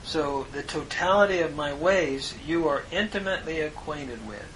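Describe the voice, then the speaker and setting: A man giving a lesson on Hebrew grammar, speaking in a measured way with pauses and frequent "uh" fillers as he spells out terms. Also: fairly high pitch, a bit bright, a little hiss or hum, rough recording. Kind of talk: slow explanatory lecture.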